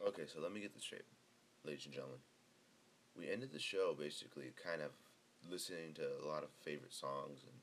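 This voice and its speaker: A man's voice: extremely low pitch, gravelly, slight background noise. A young adult man hosting a casual podcast, rambling loosely and swearing freely. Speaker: podcast host.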